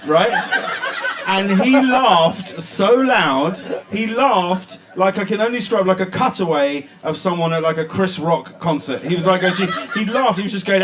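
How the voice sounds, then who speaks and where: This is a man with a somewhat raised pitch, speaking as a guest on a live panel. He tells his story with gusto and slips into voices for the people in it. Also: normal speed, a bit bright. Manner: storytelling, mimics others, laughs along. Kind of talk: animated anecdote with acted-out voices. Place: live stage event with an audience.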